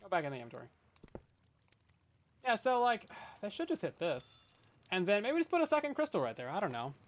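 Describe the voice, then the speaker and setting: Lively high-voiced young man joking through gameplay. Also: a little fast, soft background music. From Canada. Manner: jokey, self-deprecating, chatty with viewers. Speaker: streamer. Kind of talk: casual gameplay commentary. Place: hot bedroom.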